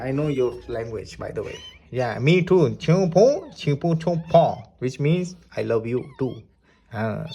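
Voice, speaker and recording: A man's voice: medium pitch, vocal fry, a little mellow, a little hiss or hum. A man, vlogging and cooing playful baby talk to kittens.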